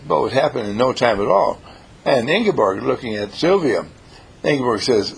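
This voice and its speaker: A man giving an inspirational talk, telling stories in an animated, emphatic way and repeating his key lines. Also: mid-range voice, moderate pace, creaky, slightly rough. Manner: animated, repetitive, emphatic storyteller. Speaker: speaker.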